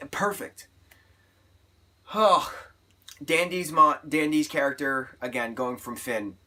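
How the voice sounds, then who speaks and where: Bright, excitable man reviewing a show. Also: medium pitch, moderate pace. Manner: excited, rambling, animated. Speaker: TV review vlogger. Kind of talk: casual review monologue.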